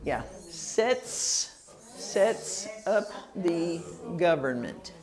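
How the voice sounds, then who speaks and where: Woman teacher, slow careful enunciation, lively pitch, classroom drill. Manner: slow, patient, over-enunciating words. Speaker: citizenship test teacher.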